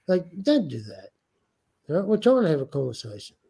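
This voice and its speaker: Man with a non-American accent, insistent and lecturing, warm mellow voice, slightly high. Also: sing-song, brisk, breathy edge. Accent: non-American English. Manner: insistent, lecturing, repeats points. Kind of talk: heated casual argument.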